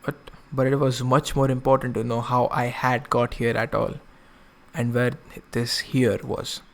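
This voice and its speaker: A man's voice: mid-range voice, flat delivery, unhurried, gravelly. A man streaming, reading a visual novel aloud and breaking off for casual asides. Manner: casual asides, self-correcting.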